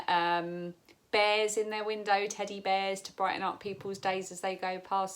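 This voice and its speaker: British woman chatting away at home, lowish voice, laughs a lot. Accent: British English. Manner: chatty, rambling, laughs often. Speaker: craft vlogger. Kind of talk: casual chat to camera. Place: home, bedroom and bathroom.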